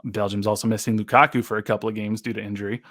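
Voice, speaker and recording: A young man co-hosting a casual sports podcast, recapping soccer matches play by play with quick asides. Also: fairly low pitch, level tone, a bit bright, dry recording, clean studio sound. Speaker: co-host.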